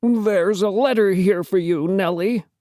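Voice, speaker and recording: A woman voicing a stingy male newspaper editor in a children's storybook read-aloud, flat and matter-of-fact. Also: medium pitch, unhurried, no echo, clean studio sound, pitched above the performer's own voice, lightly acted.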